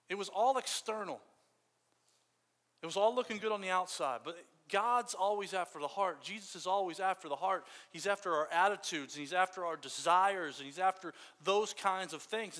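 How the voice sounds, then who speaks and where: A man's voice: on the high side, sharp tone. A man preaching a sermon in a casual, storytelling way. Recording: long hall reverb.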